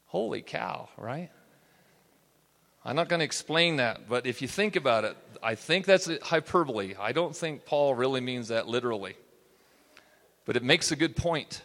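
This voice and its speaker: A man's voice: mid-range voice, expressive, normal speed, a bit bright. A man teaching a Bible study class in a conversational way, often checking in with his listeners. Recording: reverberant hall.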